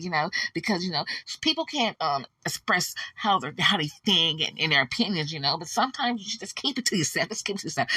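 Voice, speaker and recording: A woman hosting a celebrity gossip vlog, sassy and animated, calling her viewers sugar. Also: fairly low pitch, quick pace, hardly any pauses, breathy edge, no room sound. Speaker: host.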